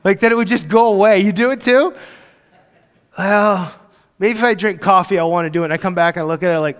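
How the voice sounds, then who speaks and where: A man's voice: high voice, a little fast, smooth, big-room sound. A man preaching a sermon as a pastor, conversational and joking, acting out quoted voices. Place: church sanctuary.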